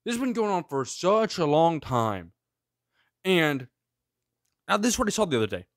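Male host, solo rant, sarcastic, fairly high voice, dry close sound. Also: sing-song, normal speed, dry recording. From of Greek heritage. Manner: sarcastic, full of rhetorical questions. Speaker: show host. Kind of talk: ranting solo commentary.

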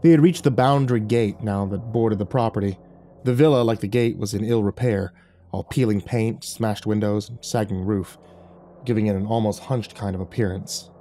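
A man giving scripted narration of a horror story with measured, dramatic storytelling. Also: on the low side, warm tone, a little hiss or hum.

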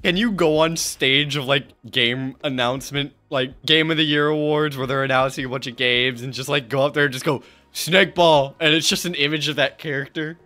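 A young man hosting a gaming video, crude and loud, swearing and laughing a lot in casual banter. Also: medium pitch, steady tone, brisk, hardly any pauses, faint music behind.

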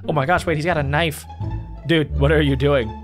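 A man hosting a video reaction, talking in an excited, animated way, laughing often and yelling at the characters on screen. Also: on the high side, a little fast. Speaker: reaction channel host. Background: background music.

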